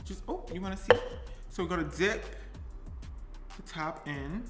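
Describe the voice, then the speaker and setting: A man's voice: sits high, normal speed, fairly bright tone. Chatty male baking vlogger who talks straight to his viewers, recorded in an echoey kitchen. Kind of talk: casual cooking chat. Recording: roomy echo, faint music.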